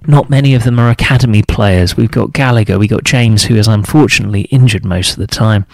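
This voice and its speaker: A man's voice: quick pace, gravelly, few pauses, dry recording. A man giving his frustrated opinions as a football fan, talking solo and mocking other fans' views. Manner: frustrated, ranting, mocks other fans in high put-on voices. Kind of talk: opinionated solo talk to camera.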